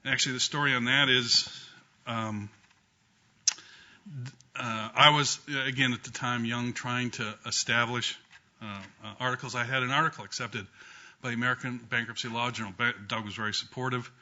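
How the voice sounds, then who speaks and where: A law professor with a bright, mid-range voice gives memorial remarks in a law school courtroom before an audience, telling a funny anecdote. He speaks at a normal speed with little pitch movement, often using ums and restarts. The recording is dull and lo-fi.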